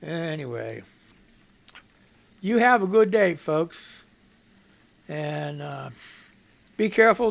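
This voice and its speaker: Gravelly-voiced guy on live radio, reading the news and cussing at it, sarcastic. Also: on the high side, lively intonation, takes it slowly, long pauses. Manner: sarcastic, profane ranting while reading news. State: voice not quite right. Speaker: radio show host.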